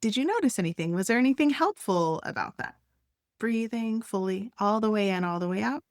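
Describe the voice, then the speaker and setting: A woman gently guiding listeners through a breathing and stretching exercise. Her instructions are soft, encouraging and unhurried, with the odd light laugh. Her voice sits at a middle pitch and sounds close and dry, with no room around it. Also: lively intonation, no room sound. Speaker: wellness instructor.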